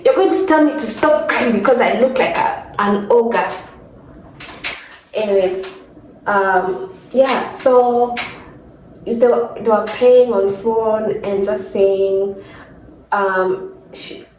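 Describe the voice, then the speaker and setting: Here a young Kenyan woman in her twenties speaks slowly at medium pitch with a darkish tone, chatting through a sit-down story from her room. She rambles, restarts and sounds close to crying; the low-quality recording is roomy with slight hiss or hum.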